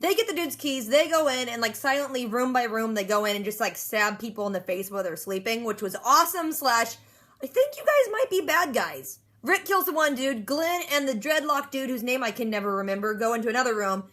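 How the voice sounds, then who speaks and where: A woman recapping a TV episode in a rapid, chatty way, dropping sarcastic asides. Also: fairly high pitch, expressive, a bit bright. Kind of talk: casual fast-paced episode recap.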